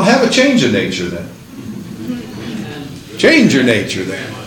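A man's voice: medium pitch, heavy reverb, slight background noise, rough recording. A man preaching a fervent sermon and reading scripture aloud in old-fashioned wording.

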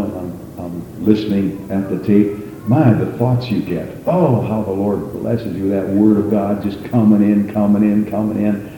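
A man preaching a sermon as pastor, fervent, rising to high exclamations and calling for amens. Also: warm tone, slight background noise. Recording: echoey church hall with long reverb.

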